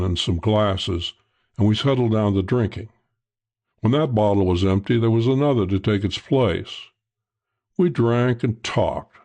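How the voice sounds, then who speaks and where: A male audiobook narrator giving a dry, measured first-person telling of a hardboiled crime story. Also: lowish voice, darkish tone.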